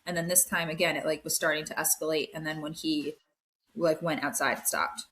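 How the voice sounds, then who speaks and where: A woman's voice: low voice, a little fast. Woman telling a story with lots of "like". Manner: animated storytelling, acts out quoted voices, frequent "like". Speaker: podcast co-host. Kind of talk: casual chat, storytelling.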